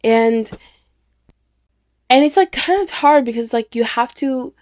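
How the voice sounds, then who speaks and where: A woman's voice: on the high side, animated, unhurried, darkish tone, dry recording, studio quality. A young adult woman hosting her own podcast, talking through her feelings in a loose, rambling way, full of "like", restarts and casual swearing. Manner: rambling, filler-heavy, swears freely. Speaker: podcast host. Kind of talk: candid casual monologue.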